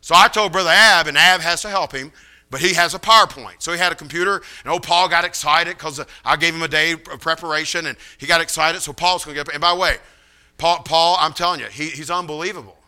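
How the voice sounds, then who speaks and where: A male preacher tells stories from the pulpit in an animated, folksy way. His voice is high and very bright. It rings smooth and clear. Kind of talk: storytelling sermon.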